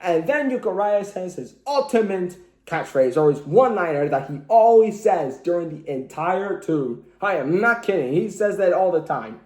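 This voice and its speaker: A man's voice: sits high, animated, normal speed, few pauses, darkish tone, reverberant. A man recapping a cartoon casually, rambling and joking with lots of fillers. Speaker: cartoon reviewer.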